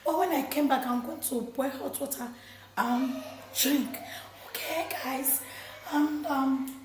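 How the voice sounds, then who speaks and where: A woman and mother with a hoarse voice, chatting casually to camera in her kitchen and laughing often. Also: high-pitched, reverberant, a little hiss or hum. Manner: chatty, laughing, addresses viewers as guys. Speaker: vlogger, mother. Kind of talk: casual vlog chat to camera. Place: home kitchen.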